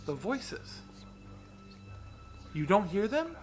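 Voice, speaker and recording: A man voicing a dazed teenage boy, speaking quietly and distantly in a near-whisper. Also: a little high, big pitch swings, a little fast, vocal fry, faint music behind. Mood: eerie.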